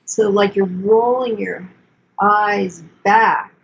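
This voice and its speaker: An older woman therapist explaining emotional self-care in an earnest, coaching way, with gentle self-soothing asides. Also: medium pitch, slow pace, creaky. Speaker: therapist guest. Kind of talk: explanatory podcast talk. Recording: dull lo-fi sound with faint noise.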